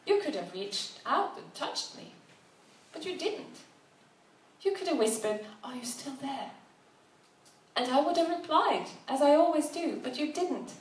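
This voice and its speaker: A woman voicing a calm, loving male guide who speaks gently, recorded at a distance in a roomy space. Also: high-pitched, a little slow, pauses often, pitched above the performer's own voice. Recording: roomy, distant mic, faint background noise.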